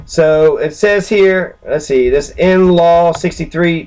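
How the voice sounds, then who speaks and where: A man's voice: on the high side, takes it slowly, hardly any pauses, a little mellow. Foul-mouthed angry man ranting. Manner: profane, heated, rambling with fillers; sarcastic, mocking. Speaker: channel host. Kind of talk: angry screen-recorded rant.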